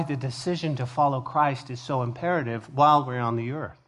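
A male pastor teaching a sermon verse by verse, conversational and expressive, moving from hushed to emphatic. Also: mid-range voice, brisk.

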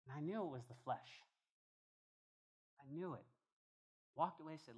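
A man preaching a sermon as pastor, emphatic and animated, often repeating phrases as he drives a point home. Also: fairly high pitch, moderate pace, pauses often, husky. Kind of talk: expository sermon.

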